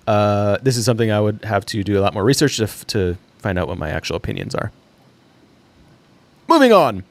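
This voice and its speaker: Young man, low-pitched, casual livestream host, rambling, thinking aloud, lots of fillers. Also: very animated, normal speed, pauses often. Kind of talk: casual solo livestream commentary.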